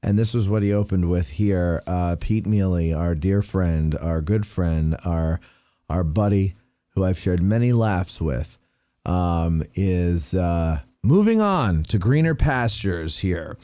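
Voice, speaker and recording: A man's voice: low voice, slow pace, dry recording. A man hosting a casual podcast, reading local news aloud with playful asides and jokes. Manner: jokey, animated, reads aloud with playful asides. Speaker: podcast host.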